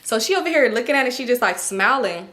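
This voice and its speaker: A young woman telling a personal story to camera in a casual, slangy, animated way, often laughing. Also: a little high, fast talker. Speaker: storytime vlogger.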